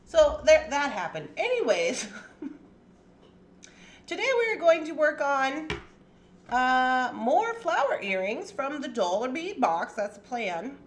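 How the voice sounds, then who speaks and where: A woman's voice: high voice, sing-song, slow pace, pauses often, slight background noise. A woman hosting a casual jewelry-making livestream from her home craft space, chatty and playful, laughing often. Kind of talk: casual chat.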